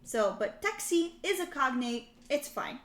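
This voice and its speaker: A woman with a high-pitched, sing-song, fairly bright voice live-streams her language study at a measured pace. She reads prompts aloud, translates them, and corrects herself in casual chat. The room is echoey with background noise, including keyboard typing and clicks.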